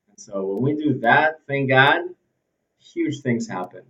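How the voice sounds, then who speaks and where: A man hosting a motivational self-help video, talking straight to his viewers in an animated way, losing his thread now and then and swinging between loud and quiet. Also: medium pitch, a little slow. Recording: slightly distant, dull sound.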